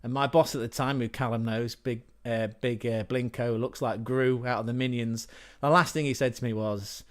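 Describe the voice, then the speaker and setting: A man's voice: mid-range voice, steady tone, normal speed, hardly any pauses. An English man chats loosely on his livestream, rambling through stories and swearing freely. He talks in a middle register, plain and conversational. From England. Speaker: livestream host. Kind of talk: casual livestream storytelling.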